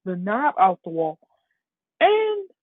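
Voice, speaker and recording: A woman's voice: medium pitch, wildly swooping pitch, slow pace, dry recording. A young woman casually retelling a fan story, rambling and full of fillers. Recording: tinny phone-like, dry.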